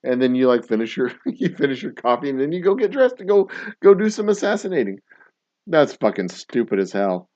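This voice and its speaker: A man's voice: medium pitch, sing-song, a little fast, a little mellow, no room sound. A man hosting a casual livestream, reading a news story and riffing on it in a profane, incredulous way, in a dull, dry lo-fi recording. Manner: profane, incredulous, laughing riffs. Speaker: host.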